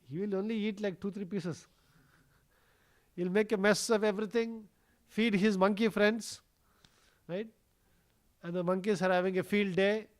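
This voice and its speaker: A man giving a scripture class in a temple, telling the story in a conversational way, with many fillers. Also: high-pitched. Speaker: temple speaker. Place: temple hall.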